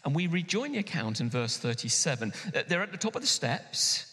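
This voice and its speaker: A man preaching a sermon as pastor, animated and emphatic, slowing down and pausing for effect. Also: a little high. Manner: animated, emphatic preaching with sudden pauses and slowdowns. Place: church hall. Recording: long hall reverb.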